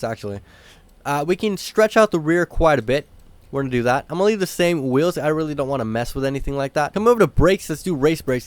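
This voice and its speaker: An excitable young man talking through a racing game in a slangy, casual way, with a pitch that swings widely. His voice sits a little high for a man and sounds close and dry, with no room around it. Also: dry recording. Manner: excitable, slangy, bursts of shouting at rivals. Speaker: gaming channel host. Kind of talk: casual gameplay commentary.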